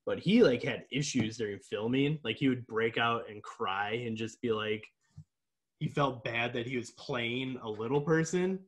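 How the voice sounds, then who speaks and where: A man's voice: mid-range voice, normal speed. A young man co-hosting a casual podcast chat, talking loosely with lots of fillers and frequent laughs. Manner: laughs often, chatty with many fillers. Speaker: podcast co-host.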